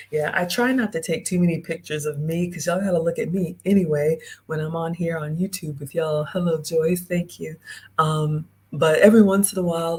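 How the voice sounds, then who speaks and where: Talking straight to her audience in a chatty way, this travel vlog host reads out comments from the chat during her live stream. Her voice is darkish and on the low side.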